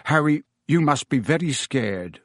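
A man voicing a kindly middle-aged wizard father who speaks low, tense and hurried. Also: expressive, dry recording, clean studio sound.

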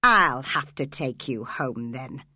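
A woman reading aloud and voicing a cruel, scheming man in a low, quiet, controlled voice. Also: lively intonation, slow, dry recording, studio quality, heavily acted. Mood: cold, menacing.

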